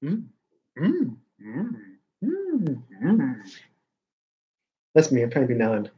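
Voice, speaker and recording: A man's voice: fairly high pitch, huge pitch swings, slow, slightly rough, narrow, tinny audio. A man hosting his own vlog in casual chat, rambling along with frequent restarts and sentences that trail off. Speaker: vlogger host.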